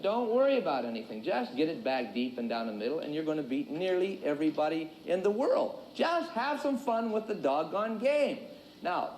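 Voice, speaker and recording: A man coaching tennis in a folksy, joking, energetic way. His voice sits high and swings widely in pitch. It is recorded in a roomy, echoey space. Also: a little hiss or hum. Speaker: tennis instructor. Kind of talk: instructional video lesson.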